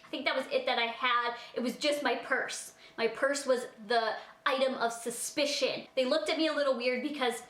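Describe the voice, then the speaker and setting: A woman vlogger telling a rambling story in a chatty, animated way, full of filler words and acted-out reactions. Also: high-pitched, moderate pace, few pauses. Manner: animated, acts out her own reactions. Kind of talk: storytime vlog. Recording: echoey room.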